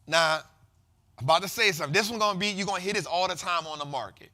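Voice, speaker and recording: A man hosting a casual investing show, explaining market terms in slangy, repetitive, animated talk. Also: sits high, quick pace. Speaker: host.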